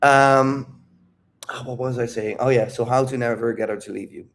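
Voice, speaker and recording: A man's voice: mid-range voice, steady tone, moderate pace. A man talking candidly about dating and his emotions, rambling and calling the listener "dude". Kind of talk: casual talk.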